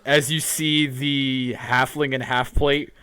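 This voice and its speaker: A man playing a tabletop game, calmly narrating what his character does. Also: mid-range voice, slow, clean tone, dry recording. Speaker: player. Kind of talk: casual tabletop game chat.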